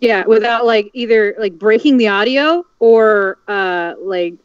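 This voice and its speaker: A woman in casual livestream chat, halting and restarting as she makes her point, talking from home on an online call. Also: medium pitch, clear, resonant tone, no echo. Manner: halting, many restarts and fillers. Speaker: dub group member. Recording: dull, dry lo-fi mic.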